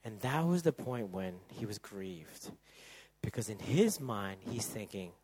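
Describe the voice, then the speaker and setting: A male pastor preaching a sermon, moving from loud emphatic bursts to soft, hushed passages. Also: lowish voice, very animated, a little slow, slightly rough, poor audio.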